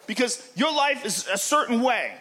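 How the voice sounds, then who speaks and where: Loud profane stand-up comedian man. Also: extremely high pitch, lively intonation, normal speed. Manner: profane, shouting punchlines, acting out characters. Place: comedy club stage with laughing audience. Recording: live club recording with crowd laughter and noise.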